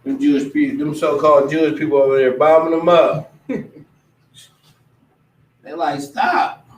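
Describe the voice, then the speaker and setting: A man giving a casual religious teaching, animated and often mimicking other people's voices. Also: fairly high pitch, moderate pace. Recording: echoey room, distant mic.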